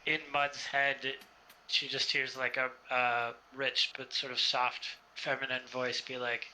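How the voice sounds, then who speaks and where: A man's voice: medium pitch, little pitch movement, a little slow, bright, forceful tone, slight background noise, rough recording. A man playing a tabletop game, narrating his character hesitantly with many fillers. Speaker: player.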